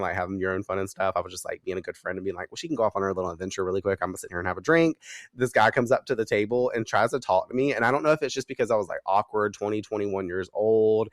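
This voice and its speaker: A man in his thirties hosting a casual recap podcast, animated and profane, laughing often. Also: lowish voice, dry recording, studio quality. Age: 30s. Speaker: podcast host.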